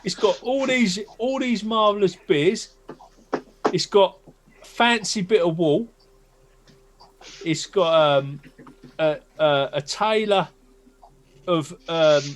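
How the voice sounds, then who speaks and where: A man playing a tabletop game in character, jolly and a bit pompous, often stammering. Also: high voice. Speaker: player.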